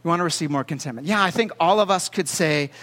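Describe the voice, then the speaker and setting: A young adult man preaching a storytelling sermon as pastor, talking in a conversational, halting way with plenty of fillers. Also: on the high side, a bit bright. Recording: long hall reverb.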